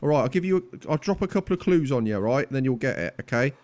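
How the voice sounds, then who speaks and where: A man's voice: medium pitch, expressive, fast, a little mellow. A cheeky young man, pestering strangers in game voice chat and playing mock-offended when they don't recognise him. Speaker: gaming YouTuber.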